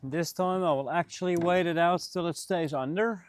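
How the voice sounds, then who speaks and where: A man's voice: a little high, normal speed. A man live-streaming, muttering to himself as he fishes and chatting casually with his viewers. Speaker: livestreamer.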